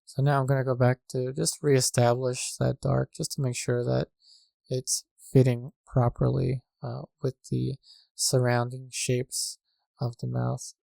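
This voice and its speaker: Calm gravelly man explaining painting steps. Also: medium pitch, no room sound. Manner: calm, measured, with frequent fillers. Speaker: painting instructor. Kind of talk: tutorial narration. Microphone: desk microphone.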